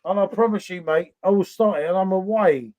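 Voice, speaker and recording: Blokey high-voiced man hosting a stream. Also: a little fast, a little mellow, no room sound. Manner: matey, blokey, swears freely. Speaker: livestream host. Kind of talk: casual live-stream banter.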